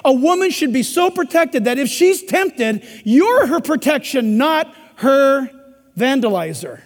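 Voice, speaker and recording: A middle-aged male pastor with a strikingly high voice preaches a sermon, emphatic and chatty. He slips into quoted voices as he talks. The sound carries the long ring of a large hall. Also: lively intonation, a little slow. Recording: echoey hall.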